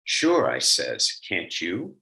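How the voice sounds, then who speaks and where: A man's voice: lowish voice, wildly swooping pitch, slow, gravelly, sharp tone, pitched above the performer's own voice, heavily acted, poor audio. A man reading aloud as a brash middle-aged man from Brooklyn, in a put-on Brooklyn accent, telling his story in street slang. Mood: breezy. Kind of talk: dramatic reading of a short story.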